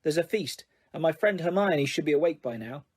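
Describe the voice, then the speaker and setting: Young wizard boy, modest n dry, read by a man, breathy-ish voice, audiobook. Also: fairly high pitch, lively intonation, fairly quick, darkish tone.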